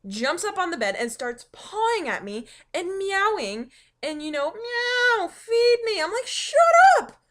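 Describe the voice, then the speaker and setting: High-voiced chatty young woman vlogging. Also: fairly bright tone. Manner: chatty and rambling, frequent ums and likes. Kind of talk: casual storytelling vlog. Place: home dining room, indoors.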